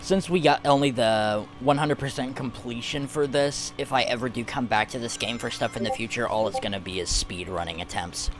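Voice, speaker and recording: A man casually commenting while he plays a video game on stream, chatty and quick to laugh. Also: mid-range voice, music in the background. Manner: laid-back, chatty, laughs easily.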